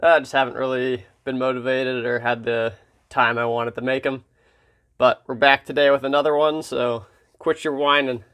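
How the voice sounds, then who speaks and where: A man's voice: mid-range voice, flat delivery, normal speed, fairly bright tone. Laid-back man with a slightly froggy voice. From Pennsylvania, USA. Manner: laid-back and wry, with filler ums. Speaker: knife channel host. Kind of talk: casual hobby vlog talk.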